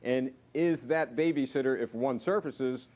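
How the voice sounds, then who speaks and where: Mellow-voiced man detective. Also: mid-range voice. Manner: measured, with emphatic hesitations. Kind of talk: talk show guest commentary.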